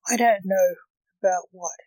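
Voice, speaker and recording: A storyteller voicing a nervous, vengeful male ghost, read plainly with slight emphasis and a slow, mellow delivery. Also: medium pitch, steady tone, no echo, close to an everyday voice, poor audio.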